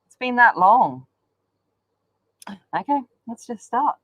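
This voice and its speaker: A woman's voice: on the high side, animated, takes it slowly, a bit bright, no room sound, muffled recording. A woman chatting casually while she colours, rambling along with lots of ums. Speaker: colouring channel host. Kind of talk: casual chat while colouring on a live stream.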